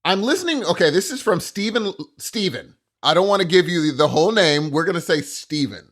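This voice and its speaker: A man's voice: high voice, expressive, fairly quick, a bit bright. An American man co-hosting a podcast, chatting casually with dry, playful quips and reading listener mail aloud. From United States. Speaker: podcast co-host.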